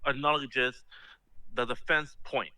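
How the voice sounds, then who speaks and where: A man's voice: mid-range voice, steady tone, slow pace, pushed and bright, dry recording, poor audio. A man voicing a stern old judge in a fan voice-over of a game, stumbling over his formal words.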